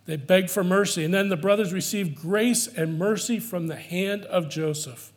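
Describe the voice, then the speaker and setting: Male pastor, high voice, earnest emphatic sermon delivery, repeats key lines. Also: normal speed.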